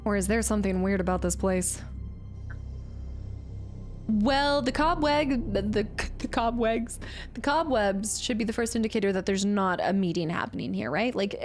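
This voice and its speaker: A woman streaming a video game, chatting playfully and silly with her viewers while she plays. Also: medium pitch. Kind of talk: casual live-stream commentary. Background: game music.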